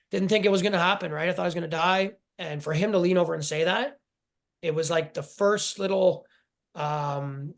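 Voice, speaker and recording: A man in his forties telling his personal story in an interview, halting and emotional, often restarting his sentences. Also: a little high, vocal fry. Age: 40s. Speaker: guest.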